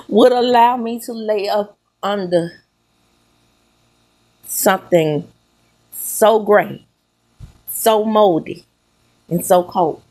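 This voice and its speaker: A middle-aged woman with a Southern accent, hosting a sassy, animated commentary show with drawn-out emphasis. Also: mid-range voice. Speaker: host. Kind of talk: casual commentary.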